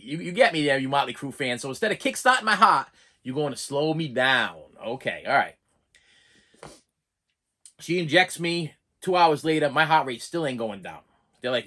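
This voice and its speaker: A man telling a rambling hospital story for his vlog, acting out the people in it and breaking off for asides. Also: medium pitch. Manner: animated, acts out other people's lines in the story; rambling with frequent restarts and asides. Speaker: vlogger and collector.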